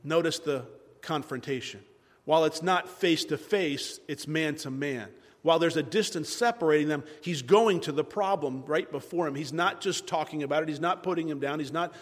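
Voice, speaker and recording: A male preacher delivers an animated sermon, retelling scripture and urging his listeners on. His voice sits fairly high. A long reverb from the sanctuary follows each phrase.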